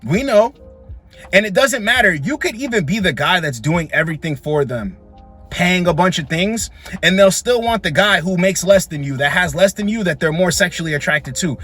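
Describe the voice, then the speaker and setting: A blunt man with a high, husky voice, delivering reaction commentary to his viewers. He lectures in a direct, no-nonsense way. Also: lively intonation, normal speed, fairly bright tone, soft background music. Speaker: commentary host.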